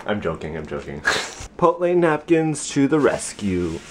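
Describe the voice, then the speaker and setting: A man's voice: medium pitch, sing-song, a little slow, faint music behind. A young man vlogging casually, joking and talking to his dog in a playful baby-talk voice. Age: young adult. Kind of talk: casual vlog chat.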